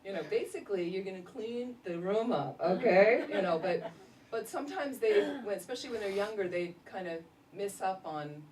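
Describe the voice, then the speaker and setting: A woman, a Buddhist nun, giving a casual dharma talk full of lively stories and laughter. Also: medium pitch, fairly quick, a crowd in the background. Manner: animated storytelling, laughing often. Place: meditation center hall. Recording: roomy echo, distant mic, faint noise.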